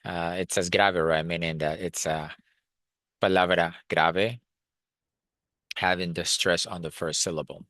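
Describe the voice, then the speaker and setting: Male language teacher, deep crisp voice, dry close sound, explains with many fillers. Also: fairly even intonation, a little slow, long pauses, fairly bright tone, no echo. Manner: thinks aloud with frequent fillers and restarts, switches between Spanish and English. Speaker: Spanish teacher. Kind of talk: explanatory lesson, reading notes and translating.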